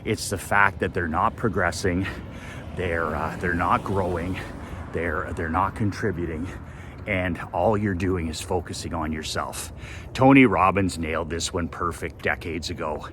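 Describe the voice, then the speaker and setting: A man's voice: low-pitched, measured pace, background noise. A man giving a blunt, profane motivational rant as a business coach, hammering his points with repetition.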